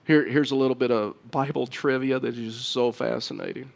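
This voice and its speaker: Male pastor, mid-pitched voice, earnest sermon delivery with restarts. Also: steady tone, vocal fry. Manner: earnest preaching, stumbling restarts, rises louder and quicker near the close.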